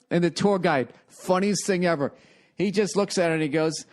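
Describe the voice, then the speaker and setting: A man's voice: high-pitched, normal speed. A man in his forties from the United States, a comedian hosting his own podcast, telling a rambling story in a profane, exasperated way. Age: 40s.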